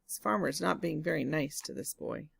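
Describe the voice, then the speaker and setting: A woman reading a picture book aloud to children, pausing to ask them questions. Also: low voice, gravelly, breathy edge. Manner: asks the listening children questions. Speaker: storybook reader. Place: home, during lockdown.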